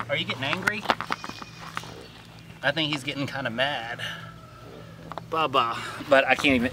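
Man, casual farm vlogger, laid-back chatty voice, outdoor camera audio with steady background noise. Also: medium pitch. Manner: laid-back, chatty, talks to the snake while handling it. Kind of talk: casual outdoor vlog narration.

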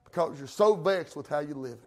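Brief: male preacher, high tenor, folksy country delivery, hushed to shouting. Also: brisk. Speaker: pastor. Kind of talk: sermon.

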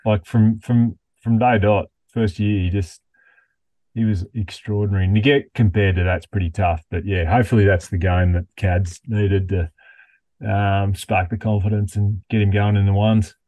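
A man's voice: on the low side, fairly even intonation, moderate pace, mellow, no echo. A man co-hosting a podcast, laid-back and casually swearing. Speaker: podcast co-host. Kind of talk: casual chat.

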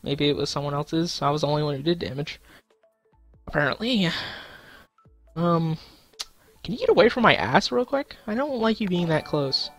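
A man's voice: a little high, expressive, moderate pace, long pauses, fairly bright tone, soft background music. A young man in casual live-stream commentary, goofy and crude, talking to himself and his chat with sudden silly outbursts. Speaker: gaming streamer.

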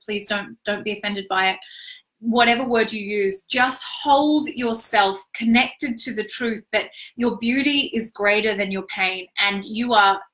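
A woman's voice: on the high side, a bit bright. A woman giving a live intuitive reading, speaking in an affirming, emphatic and flowing way. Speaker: intuitive reader and teacher. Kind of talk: live spiritual reading session.

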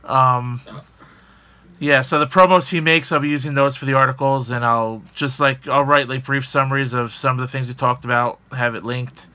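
A man's voice: mid-range voice, fairly even intonation, normal speed, sharp tone. A man hosting a casual gaming news podcast, rambling with fillers and jokes. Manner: rambling, filler-heavy, joking. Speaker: podcast host.

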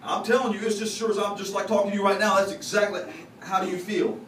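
High-voiced pastor preaching in an echoey church. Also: male voice, little pitch movement, racing. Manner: folksy, confessional, jokes with the congregation. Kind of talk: conversational sermon. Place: church sanctuary. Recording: echoey, distant, noisy church recording.

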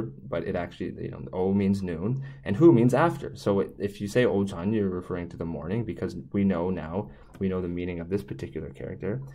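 A man's voice: deep voice, dark tone. A man explaining Korean signs in a casual lesson, rambling and restarting often as he drifts onto tangents. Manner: rambling, self-correcting, frequent restarts and tangents. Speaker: Korean language teacher.

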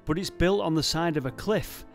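A man's voice: a little high, moderate pace, gravelly, faint music behind. Enthusiastic man vlogging. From Manchester, England. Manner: enthusiastic and chatty. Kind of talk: casual travel vlog commentary.

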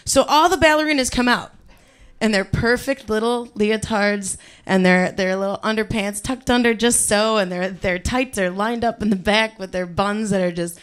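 A woman's voice: mid-range voice, clean tone. A woman from Ohio with a Cleveland accent, telling a comic personal story on stage and acting out the quotes. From Ohio, USA. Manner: animated, comic, acts out quotes. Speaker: storyteller guest. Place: club stage before audience.

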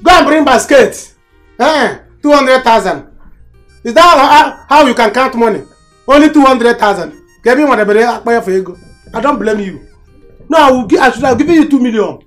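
An actor playing a boastful, bossy brother with a Nigerian accent, ordering others around. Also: male voice, very high-pitched, expressive, moderate pace, a bit bright, soft background music. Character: boastful, money-proud brother. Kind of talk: Nollywood film acting.

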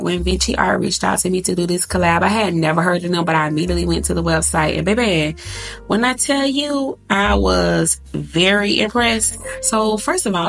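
A chatty woman talks straight to her viewers, calling them y'all and girl. Her mid-pitched voice has a gravelly fry. She is recorded on a handheld camera in an echoey room at home, with faint music underneath. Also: a bit bright. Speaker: vlogger. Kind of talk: casual vlog chat to viewers. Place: at home, in a walk-in closet.

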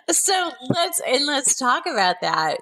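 A woman's voice: high voice, sharp tone, low-quality recording. A woman hosting an interview podcast, upbeat and encouraging toward her guest. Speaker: podcast host.

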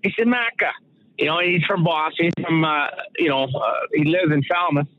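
A man's voice: a little high, fairly quick, a little hiss or hum. Rambling man on a tinny phone line. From Saskatoon, Canada. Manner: rambling, full of fillers and restarts, acts out quoted voices. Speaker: guest, former pro hockey enforcer. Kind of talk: casual storytelling interview.

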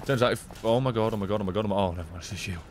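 A man's voice: fairly low pitch, racing, slight background noise. A man streaming gameplay in casual commentary, swearing often, joking and laughing.

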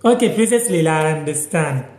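A man's voice: on the high side, animated, brisk, a little mellow, echoey room. A man with a Ghanaian accent teaching a casual live-stream language lesson, repeating words and reading out viewer comments.

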